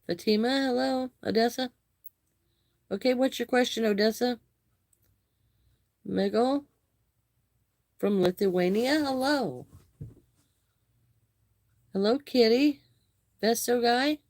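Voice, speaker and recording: A woman hosting a live crochet stream, chatting with viewers, greeting and thanking them by name, with some halting restarts. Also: fairly high pitch, a little mellow, dry recording, studio quality. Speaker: livestream host.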